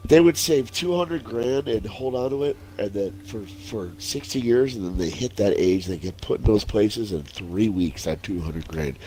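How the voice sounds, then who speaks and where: Forties guy streaming, lowish voice, swears a ton and laughs through his stories, slight hiss behind. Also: moderate pace, hardly any pauses, mellow. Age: 40s. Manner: profane, laughing storyteller. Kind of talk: casual chat while gaming.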